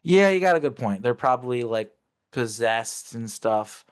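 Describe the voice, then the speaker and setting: A man's voice: mid-range voice, expressive, measured pace, clear, resonant tone. A man talking as an interview guest, recounting memories casually but intensely and swearing freely.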